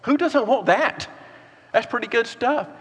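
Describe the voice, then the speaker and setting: A pastor preaching a sermon in an earnest, animated way, with rhetorical questions and repeated phrases. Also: male voice, extremely high pitch, measured pace, breathy edge, long reverb tail.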